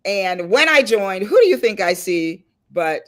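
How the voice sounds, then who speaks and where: A middle-aged woman hosting a casual chat and telling stories with animated delivery. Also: medium pitch, measured pace. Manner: lively storyteller, animated and laughing. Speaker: host. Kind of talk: casual chat on a video call panel.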